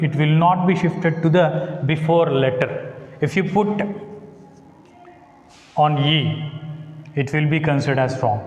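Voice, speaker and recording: A male English teacher with an Indian English accent lectures slowly and deliberately in a somewhat high voice. He repeats each example word and spells out letters as he goes. The sound is echoey, with a long reverb tail. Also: a little mellow. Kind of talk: classroom lecture on word stress.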